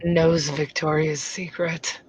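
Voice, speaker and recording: A woman co-hosting a casual livestream, reading facts and jokes in a soft, slow, mock-ASMR voice. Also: sits low, flat delivery, low-quality recording.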